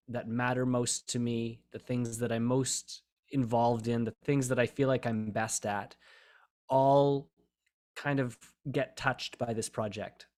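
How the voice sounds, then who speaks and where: A man's voice: medium pitch, darkish tone. A man speaking as a project collaborator at an online summit, thoughtful and earnest. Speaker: co-creator and guest speaker. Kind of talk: casual talk at an online summit.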